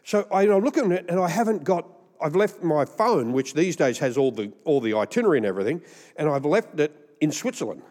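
An Australian man preaching with a slightly high voice, his words ringing out with a long hall reverb. He spins rambling, jokey stories as a pastor and laughs at his own punchlines. His sermon sounds like a live talk to a crowd. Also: expressive, fast talker, darkish tone. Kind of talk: humorous storytelling sermon.

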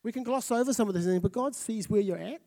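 Fiji-raised pastor preaching, chatty and animated, keeps asking "right?". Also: male voice, high voice, quick pace, vocal fry. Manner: lively, conversational, often asks the crowd "right?". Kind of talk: sermon.

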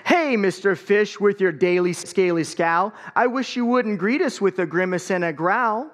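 A man's voice: sits high, normal speed, voice pushed up, lightly acted. A man reading as a mild jellyfish. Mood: chiding. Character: gentle, floating male jellyfish.

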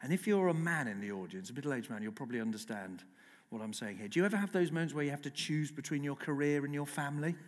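A middle-aged man, a broadcast journalist and guest speaker, telling lively, self-mocking stories at a festival talk. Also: on the high side, fast talker. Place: festival lecture hall. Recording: long reverb in a large hall.

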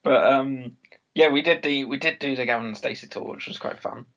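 A man's voice: medium pitch, brisk, fairly bright tone. A man co-hosting a podcast, telling stories in an easygoing casual chat. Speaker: podcast co-host. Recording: dull lo-fi sound.

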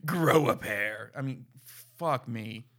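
A man's voice: medium pitch, slow, fairly bright tone. A man co-hosting a casual film review chat, sarcastic and profane, mocking with impressions. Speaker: podcast co-host reviewing a film.

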